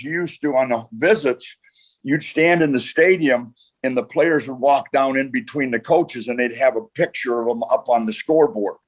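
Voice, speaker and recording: An older man, a retired football coach, tells stories from his career as a podcast guest. He rambles, pausing on "uh" and restarting his sentences as memories come back. His voice sits in an ordinary middle pitch. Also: breathy edge. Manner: rambling anecdotes, many "uh" and restarts. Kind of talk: storytelling in a podcast interview.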